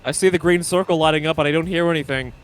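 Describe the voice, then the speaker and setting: A man's voice: a little high, very fast, faint music behind. A man in casual voice chat, explaining a joke idea in a rambling way and tripping over his words. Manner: rambling, stumbles while explaining ideas.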